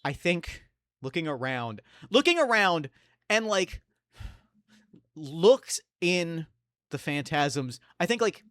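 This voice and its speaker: Game master guy narrating loose, lots of likes, kinda high voice, dry close sound. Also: sing-song, slow, long pauses, fairly bright tone, dry recording. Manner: loose, searching narration with filler words. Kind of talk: narrating a tabletop role-play.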